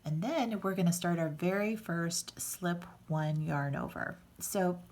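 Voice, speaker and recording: A woman's voice: on the low side, a little slow, a little mellow. A woman teaching a casual hands-on knitting tutorial, patient and chatty, with fillers and restarts as she explains each step. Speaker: knitting instructor.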